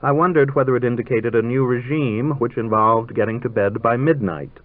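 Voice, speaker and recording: Heard on a tinny old radio broadcast, a man narrates a literary story in a measured, dryly ironic manner. His voice is medium-pitched, with no echo.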